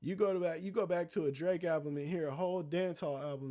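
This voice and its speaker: A man's voice: on the high side, fairly even intonation, fast, few pauses, mellow. A young man streaming casual, profane commentary, rambling in loose slang with many restarts and asides to his chat.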